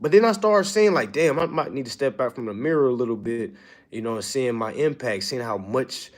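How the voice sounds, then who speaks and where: A man's voice: medium pitch, fairly quick. A man teaching a seminar, talking casually and with lots of energy to a live audience, often swearing and checking in with the room. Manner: animated, profane, keeps asking "all right?". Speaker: seminar instructor.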